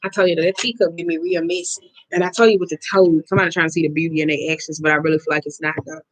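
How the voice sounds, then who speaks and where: A woman's voice: low-pitched, rapid-fire, no echo, rough recording. Blunt, profane woman reading cards. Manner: blunt, profane and expressive, talking straight to viewers. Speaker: oracle card reader. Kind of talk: casual card reading vlog.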